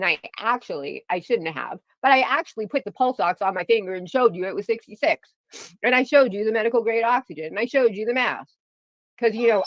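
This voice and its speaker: A woman's voice: medium pitch, no echo. A middle-aged woman vlogger ranting angrily to her viewers, heated and profane, repeating herself as she defends her family. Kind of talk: angry rant to camera.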